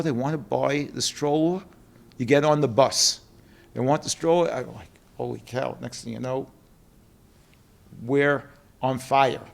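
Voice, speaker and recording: A middle-aged man with a New York accent, a company co-president telling animated stories in an interview and acting out quotes. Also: medium pitch, gravelly. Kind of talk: storytelling interview.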